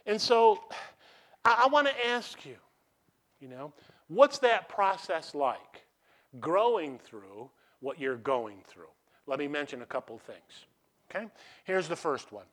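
Emphatic higher-pitched male pastor preaching. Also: very animated, unhurried, pauses often. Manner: call-and-response questions to the congregation; swings between loud emphatic bursts and quiet asides. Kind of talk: sermon.

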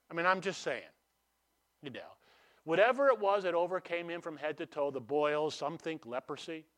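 This sermon comes from a man with a fairly high pitch, speaking conversationally. He asks rhetorical questions and alternates between emphatic and quiet delivery.

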